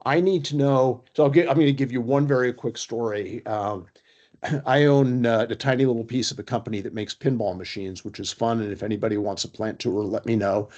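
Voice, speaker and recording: Brisk man presenting on a video call. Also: mid-range voice, a little mellow, muffled recording. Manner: brisk, storytelling, with fillers. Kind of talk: online workshop talk.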